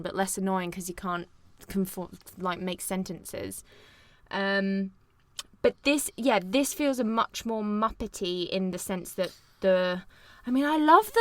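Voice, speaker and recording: A woman co-hosting a film podcast, talking in an animated, rambling way with lots of fillers. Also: medium pitch, dry recording. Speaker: podcast co-host. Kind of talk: casual chat.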